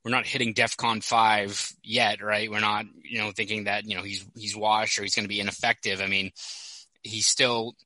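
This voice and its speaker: Bright, quick-talking young man on a podcast. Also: lowish voice, level tone, no room sound, rough recording. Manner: chatty storyteller, quick asides. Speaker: hockey reporter. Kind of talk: casual podcast chat.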